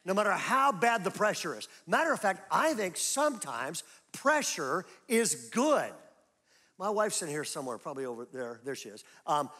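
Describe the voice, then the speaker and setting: A middle-aged male pastor preaching in a church, his voice sitting high for a man. He tells stories in a loose, conversational way, then climbs into loud, emphatic peaks. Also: big pitch swings, normal speed, slightly rough. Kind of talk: sermon. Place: church auditorium.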